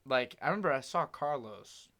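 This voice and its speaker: A young man hosting a casual podcast chat, talking quickly and rambling with a mumble. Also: mid-range voice, lively intonation, bright, forceful tone. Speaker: podcast host.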